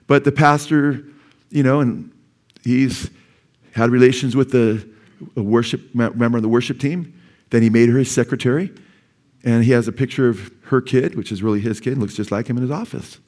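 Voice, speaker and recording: A man's voice: medium pitch, steady tone, moderate pace, a little mellow. A man preaching a sermon as pastor, earnest and urgent, with sudden emphatic rises in his voice. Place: church sanctuary.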